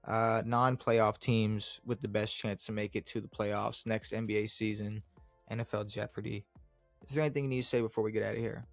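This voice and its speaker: A man's voice: fairly low pitch, level tone, fairly quick, creaky, no echo, soft background music. A young man co-hosting a casual sports podcast, rambling and laid-back with lots of fillers. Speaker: podcast co-host.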